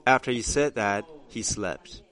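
Slow, emphatic male preacher. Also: on the low side. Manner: slow, emphatic preaching that swells to loud cries. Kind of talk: sermon.

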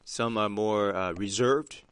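Slow, emphatic male preacher. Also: lowish voice, clear, resonant tone, no echo. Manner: slow, emphatic preaching that swells to loud cries. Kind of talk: sermon.

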